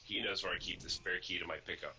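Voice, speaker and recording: A man's voice: low voice, steady tone, fast, background noise. A man co-hosting a casual podcast, talking bluntly and joking, often repeating himself. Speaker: podcast co-host. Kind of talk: casual chat.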